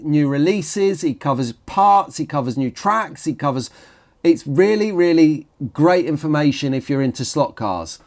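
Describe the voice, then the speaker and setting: British male vlog host, chatty and rambling, slightly raised pitch. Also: darkish tone. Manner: chatty and rambling, with frequent restarts. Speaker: slot car vlogger. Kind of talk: casual chat to camera.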